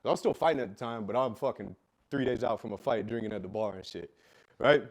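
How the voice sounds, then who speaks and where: Fast-talking, with a voice on the low side, a young man tells a raw personal story about his life. He swears heavily, gets emotional, and repeats phrases for emphasis.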